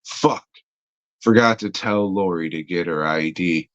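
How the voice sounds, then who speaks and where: A man's voice: low-pitched, measured pace, a bit bright, no room sound, highs cut off. A man co-hosting a podcast, telling a story in a rambling, heavily profane way with lots of fillers. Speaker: podcast co-host. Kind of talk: casual storytelling chat.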